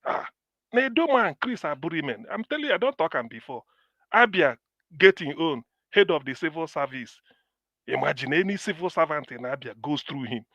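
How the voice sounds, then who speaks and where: A man's voice: a little high, big pitch swings, fairly quick, bright, forceful tone, dry recording, dull audio. A man from Anambra with a Nigerian accent, debating politics in an emphatic way and repeating himself to drive his points home. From Nigeria, Anambra State. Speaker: political commentator. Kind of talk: casual political debate in Nigerian Pidgin and English.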